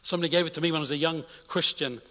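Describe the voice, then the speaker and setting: A young adult man preaching a sermon in a church, energetic, swinging between loud urging and quiet intimate asides. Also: fairly high pitch, racing, big-room sound. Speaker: pastor.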